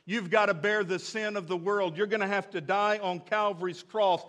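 A male preacher voicing God the Father, who tells his son in a soft, solemn way that he must die. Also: high voice, fairly even intonation, moderate pace. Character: sorrowful heavenly Father speaking to his son.

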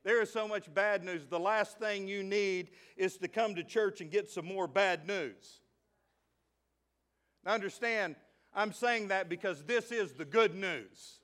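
High-voiced Southern preacher, shouting praise. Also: male voice, unhurried. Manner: swings from quiet asides to shouted joyful praise. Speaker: pastor. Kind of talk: sermon.

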